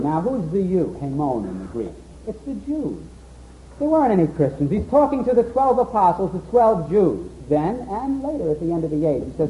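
A man teaches scripture in an animated way, swinging his high voice up and down and raising it to act out quotes. The recording sounds dull and lo-fi. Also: moderate pace. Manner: animated, acts out quotes in a raised voice. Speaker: preacher. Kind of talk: bible teaching sermon.

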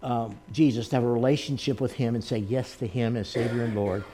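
A man's voice: mid-range voice, fairly even intonation, brisk, warm tone. A man preaching a sermon, telling personal stories in an earnest way. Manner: earnest storytelling, acting out the people he quotes. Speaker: pastor.

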